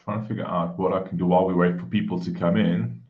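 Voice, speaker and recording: A man's voice: sits low, steady tone, fast talker, narrow, tinny audio. A man from Africa, hosting a casual live stream from home, greeting viewers by name and keeping his voice down. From South Africa. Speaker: livestream host. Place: home room.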